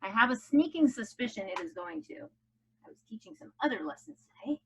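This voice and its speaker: A woman's voice: high-pitched, lively intonation, fairly quick, vocal fry, slight background noise. A woman teaching a phonics lesson to children, upbeat and coaxing them to chant along. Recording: dull lo-fi home video audio.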